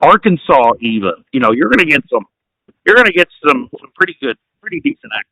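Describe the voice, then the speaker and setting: A man from Southwest Missouri with a local accent, co-hosting a casual podcast, agreeable and quick to say yeah, swearing freely. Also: a little high, very animated, sharp tone, dry recording, low-quality recording. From Southwest Missouri, USA. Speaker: podcast co-host. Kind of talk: casual live podcast chat.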